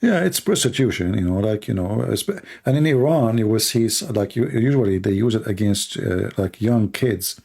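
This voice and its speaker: A man hosting a debate livestream in non-native English, hoarse and coughing as he argues through rhetorical questions. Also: lowish voice, lively intonation, normal speed, darkish tone. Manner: argumentative, fires rhetorical questions. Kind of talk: live stream Q&A monologue.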